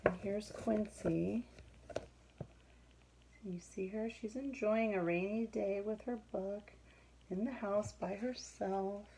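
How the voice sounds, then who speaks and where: A woman reading a picture book aloud to children, explaining pictures and asking questions, with a husky voice. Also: mid-range voice, fairly even intonation, slow pace, pauses often, mellow, a little hiss or hum, rough recording.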